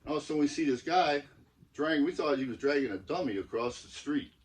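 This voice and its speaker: A man's voice: a little high, expressive, fast talker, distant mic, low-quality recording. A man from the Detroit area, a co-host telling a story in a loose, easygoing way in a casual chat.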